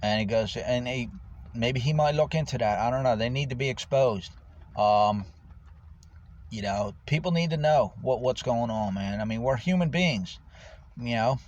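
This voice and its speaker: A man's voice: medium pitch, lively intonation, moderate pace, a little mellow. A man who is homeless, talking casually to the camera in a rambling, profane way about his life. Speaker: homeless vlogger. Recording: dull lo-fi with faint noise.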